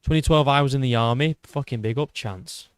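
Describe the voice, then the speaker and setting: A young British man in his twenties holds forth on a livestream, cursing freely and tripping over false starts as he argues back at his viewers. His pitch sits in an ordinary middle range, and the sound is dry and close, with no room around it. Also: a little fast, no room sound. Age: 20s. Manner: swears often, restarts sentences, argues with a rough edge. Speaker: YouTube MMA channel host. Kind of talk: casual livestream chat reading viewer comments.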